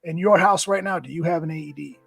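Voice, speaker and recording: A man's voice: fairly high pitch, quick pace, creaky, fairly bright tone, breathy edge, no echo, faint music behind, rough recording. A man guesting on a podcast, telling an emotional personal story in an earnest, intense way, often repeating words when stirred. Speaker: podcast guest, nonprofit founder.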